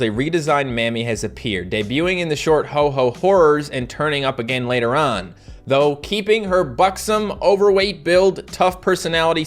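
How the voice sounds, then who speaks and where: A man's voice: a little high, fairly bright tone. A man giving sarcastic, mocking commentary on old cartoons. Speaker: YouTube commentator.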